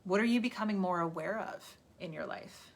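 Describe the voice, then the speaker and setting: A woman's voice: fairly low pitch, normal speed. Chatty woman giving a rambling pep talk. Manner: chatty and rambling, laughs at herself. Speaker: spiritual healer hosting a live stream. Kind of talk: casual motivational talk. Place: indoors, livestream. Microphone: phone or webcam on a live stream.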